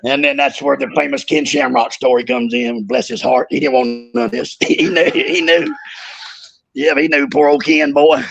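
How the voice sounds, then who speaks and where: A man's voice: a little high, lively intonation, moderate pace, vocal fry, a bit bright, dull audio. A middle-aged man telling rowdy, profane stories in casual chat, laughing often. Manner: profane, laughing, rambling storyteller. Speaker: guest, former wrestler.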